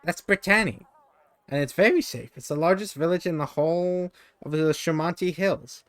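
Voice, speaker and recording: A tiny green winged mite with a high, squeaky voice chirps along, eager and impatient, as a man puts him on while reading a gamebook aloud. The sound is dry and close. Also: moderate pace, no echo, natural voice. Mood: chirpy.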